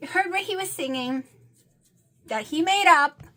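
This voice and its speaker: A woman's voice: extremely high pitch, measured pace, bright, forceful tone. A middle-aged woman chatting casually to camera at home, rambling with many fillers. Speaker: vlogger. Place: home room with TV on.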